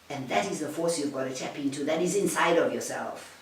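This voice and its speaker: A woman's voice: deep voice, animated, a little fast, hardly any pauses. A South African woman giving a motivational talk to a small group, acting out little scenes and calling her listeners honey. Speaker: motivational speaker. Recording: roomy sound from a distance.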